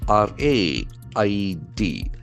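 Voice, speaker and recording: A man's voice: fairly low pitch, sing-song, drawn-out words, creaky, fairly bright tone, faint music behind. A man with an Indian English accent giving an English vocabulary lesson from the news, spelling words out letter by letter and repeating each one with heavy stress. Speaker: English trainer.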